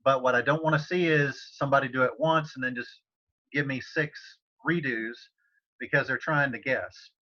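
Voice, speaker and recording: A man's voice: medium pitch, moderate pace. Chatty man teaching over a video call. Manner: relaxed, chatty, many fillers and restarts. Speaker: Spanish teacher. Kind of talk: casual online tutoring session. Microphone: computer mic on a video call. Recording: slightly dull video-call audio.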